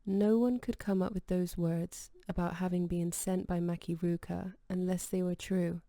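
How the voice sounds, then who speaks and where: Low, gravelly woman narrating an audiobook. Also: steady tone, moderate pace, dark tone, no echo, clean studio sound. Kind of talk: scripted narration.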